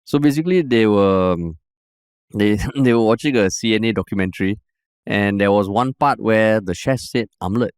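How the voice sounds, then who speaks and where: Singaporean male co-host, lowish pitch, clear tone, playful. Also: moderate pace, no room sound, studio quality. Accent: Singaporean English. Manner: animated storyteller, jokey. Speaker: podcast co-host. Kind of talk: casual chat.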